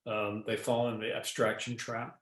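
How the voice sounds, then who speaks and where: A man, a leadership professor, explaining ideas as a podcast guest, deliberately varying his pace and pausing for effect. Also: fairly low pitch, level tone, fairly bright tone, roomy sound. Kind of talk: podcast interview.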